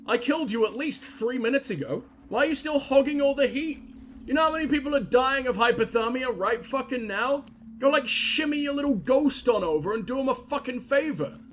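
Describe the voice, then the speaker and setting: High-pitched dude swearing and joking at a video game, sarcastic, chatting to the npcs, faint hiss behind him. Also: male voice. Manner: crude, sarcastic and profane joking; talks to the game characters. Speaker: gaming video host. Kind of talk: let's-play commentary.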